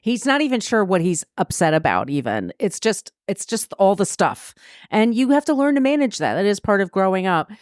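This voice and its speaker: A woman's voice: medium pitch, sing-song, moderate pace, dry recording, clean studio sound. A woman in a casual book discussion, chatty and laughing often as she retells the story.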